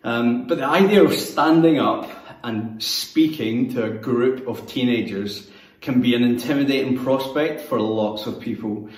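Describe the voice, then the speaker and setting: A Scottish man in his thirties gives a sermon in a roomy church hall, caught by a mic set some way off. His voice sits at an ordinary pitch. He talks in a relaxed, conversational, self-deprecating way. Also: a little slow. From Scotland. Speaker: church youth leader. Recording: echoey room, mic at a distance.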